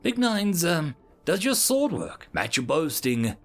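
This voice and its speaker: Man doing a brisk alien pack commander woman. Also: fairly high pitch, wildly swooping pitch, soft background music, exaggerated voice. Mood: dry. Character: female alien pack commander, tense and dry-humored.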